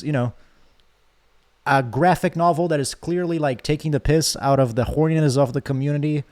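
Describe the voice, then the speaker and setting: A young man streaming a game, chatting casually with his viewers, joking and reading chat aloud. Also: medium pitch.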